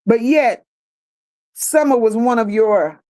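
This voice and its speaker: A woman's voice: fairly high pitch, takes it slowly, warm tone. A woman hosting a livestream, reading viewer comments aloud and answering them bluntly, with sassy repeated phrases. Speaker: livestream host.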